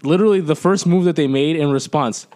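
A man co-hosting a podcast, chatting casually about basketball and swearing freely. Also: a little high. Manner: fast, animated, swears casually. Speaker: podcast co-host. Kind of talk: casual sports chat.

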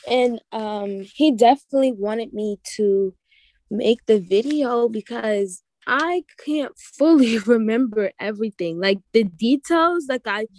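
A young woman earnestly recounting a vision in halting, repetitive casual speech. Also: on the high side, a little mellow. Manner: earnest, halting, repeats herself. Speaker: guest sharing a vision. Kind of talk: casual testimony.

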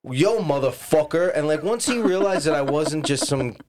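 A man's voice: fairly high pitch, moderate pace, crowd noise. A man in casual chat, telling profane stories and briefly acting out the people in them. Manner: animated, swearing, acts out voices in stories.

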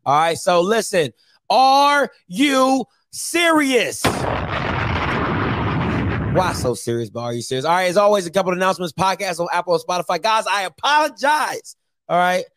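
A man's voice: high voice, lively intonation, quick pace, a bit bright. A man hosting a sports talk show, ranting casually with slang and repeating phrases for emphasis. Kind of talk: casual sports commentary rant.

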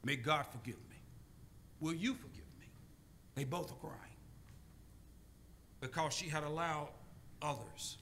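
Bright high-voiced male preacher. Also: slight background noise. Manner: call-and-response, deliberate pauses. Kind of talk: sermon with storytelling.

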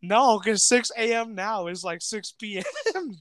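A young man with a high-pitched, unhurried voice co-hosts a casual podcast chat, with a crowd audible in the background. He tells stories animatedly and laughs often.

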